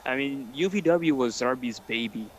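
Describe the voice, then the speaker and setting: A man with an average voice recounts a memory for an interview. He talks in plain, halting sentences full of fillers, and faint background noise sits behind him. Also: mid-range voice, poor audio. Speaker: wrestler. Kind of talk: shoot interview.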